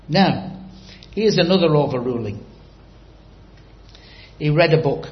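A man's voice: a little high, expressive, measured pace, long pauses, reverberant, lo-fi sound. A man preaching a sermon, telling a story and quizzing the congregation directly.

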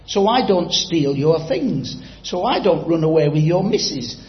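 A man's voice: on the high side, very animated, measured pace, reverberant, muffled recording. A man preaching a sermon, telling a story and quizzing the congregation directly.

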